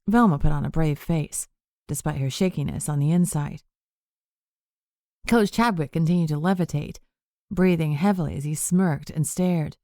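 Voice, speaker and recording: A woman narrates an audiobook in a steady, even way. Her voice sits low. The recording is close and completely dry. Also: moderate pace, no room sound. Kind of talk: scripted narration.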